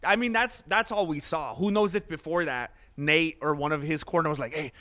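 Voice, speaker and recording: Guy live streaming fights, chatty, laughs a lot, voice sits kinda high. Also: moderate pace. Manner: chatty, animated, laughs often. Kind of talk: casual live-stream commentary.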